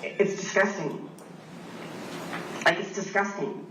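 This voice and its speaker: A woman argues in a confrontational way, repeating threats and demands. She sounds far from the phone that films her, with hollow room echo and loud background noise. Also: medium pitch, takes it slowly. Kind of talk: heated argument filmed at home. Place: bedroom and hallway at home. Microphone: phone camera. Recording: distant echoey noisy phone video played back.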